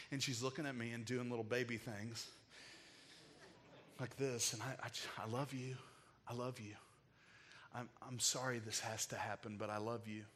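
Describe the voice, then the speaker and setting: A man's voice: medium pitch, a bit bright. A man preaching a sermon, telling a heartfelt personal story in an emotional, casual way with frequent filler words. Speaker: pastor.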